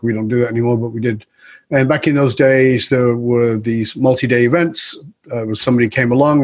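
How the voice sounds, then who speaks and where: A middle-aged man, a guest on an interview show, telling a story in a lively conversational way and acting out the dialogue. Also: medium pitch. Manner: animated storyteller who acts out quoted dialogue. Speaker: guest speaker and coach.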